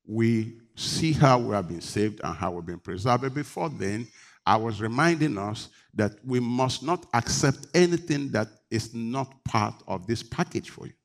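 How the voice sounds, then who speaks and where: A man preaching a sermon, leading the congregation in call-and-response and rising to emphatic declarations. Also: mid-range voice. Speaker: pastor.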